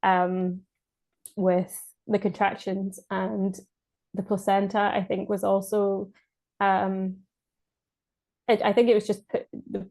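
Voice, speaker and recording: Flat-voiced Scottish woman telling her story. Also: medium pitch. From Scotland. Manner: hesitant, many fillers and restarts, laughs often. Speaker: podcast guest. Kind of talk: casual spoken birth story.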